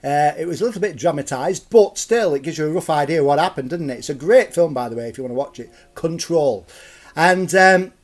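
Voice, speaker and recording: Bloke telling local folk tales, fairly high voice, jokey and rambling. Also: male voice, a little fast. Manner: chatty, jokey and digressive. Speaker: storyteller and host. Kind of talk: live-streamed folklore storytelling.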